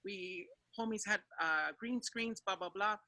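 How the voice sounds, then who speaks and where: A woman's voice: mid-range voice, measured pace, sharp tone, dry recording, poor audio. A woman drag performer chatting as an interview guest, joking and loose with filler words. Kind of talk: casual interview chat.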